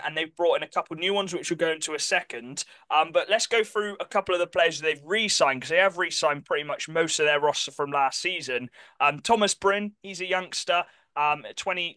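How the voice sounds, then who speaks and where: A man co-hosting a casual sports podcast, chatty and quick to correct himself mid-sentence. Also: fairly high pitch, sharp tone, smooth, dry recording. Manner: chatty, self-correcting, apologetic about pronunciation. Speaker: podcast co-host.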